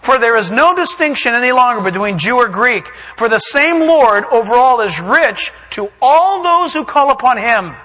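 A man preaching a sermon, reading verses and acting out scenes with shouts and put-on voices. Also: extremely high pitch, normal speed, few pauses, in a large hall, rough recording. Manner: animated, acts out voices and shouts for emphasis.

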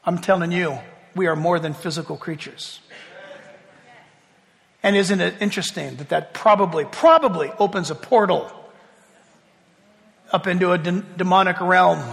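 A man preaching a sermon with animated delivery, swinging from hushed asides to loud exclamations. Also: high voice, normal speed, creaky, long pauses. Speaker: pastor. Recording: reverberant hall.

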